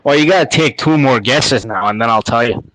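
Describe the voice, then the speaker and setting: A man from Canada calling into a talk show, teasing and relaxed as he chats. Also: medium pitch, brisk, low-quality recording. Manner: teasing, laid-back. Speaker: caller. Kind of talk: casual chat.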